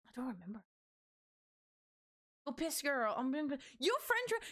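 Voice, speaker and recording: A woman's voice: high voice, sing-song, measured pace, a bit bright. A young adult woman streamer chatting casually with her viewers, giggly and bubbly, swearing freely. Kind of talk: casual livestream chat with viewers.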